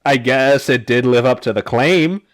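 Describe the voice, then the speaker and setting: A man's voice: mid-range voice, normal speed. Rambling man recapping comics. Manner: rambling, filler-heavy, profane. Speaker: podcast host. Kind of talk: casual comic recap chat.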